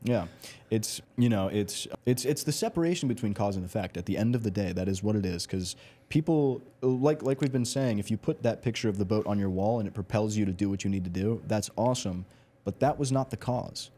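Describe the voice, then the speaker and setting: Male podcast host, low and warm, relaxed chatty interviewer. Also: fairly quick. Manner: relaxed, chatty, says "man" often. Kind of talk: casual interview chat.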